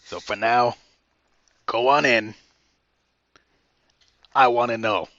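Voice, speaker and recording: A man's voice: mid-range voice, takes it slowly, pushed and bright, no room sound. A man doing a tired town guard who has run out of patience, blunt and dry in how he talks. His voice sits in a middling register and comes through a slightly dull, lo-fi mic in a dry space. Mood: exasperated. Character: weary exasperated male town guard.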